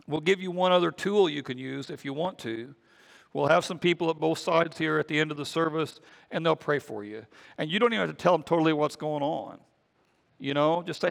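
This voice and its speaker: A man's voice: a little high, gravelly. A man preaching a conversational sermon as pastor, often repeating words as he goes. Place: church sanctuary. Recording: long reverb of a church hall.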